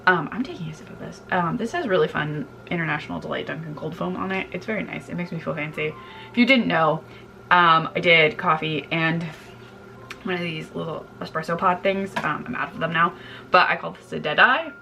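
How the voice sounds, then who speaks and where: Making coffee at home early in the morning, a weary woman who vlogs about books talks to her camera in a chatty, rambling way, getting heated when she rants about the plot. She speaks briskly in a fairly low, creaky voice that sounds pushed and bright, with faint music behind her.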